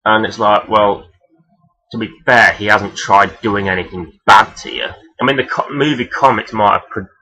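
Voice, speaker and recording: A man talking casually and rambling as he counts down his favourite characters, swearing freely and filling pauses with "um". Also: fairly low pitch, fairly even intonation, bright, forceful tone, poor audio. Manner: rambling, profane, many fillers. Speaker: vlogger ranking toy robot characters. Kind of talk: casual unscripted countdown talk.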